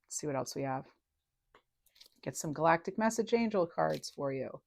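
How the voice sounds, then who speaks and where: A woman giving a casual tarot reading to her viewers, chatty and reassuring, often checking in with "right?" and letting phrases trail off softly. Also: low voice, animated, moderate pace, gravelly, background noise. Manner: chatty and reassuring, with frequent "right?" and "you know". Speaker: tarot reader.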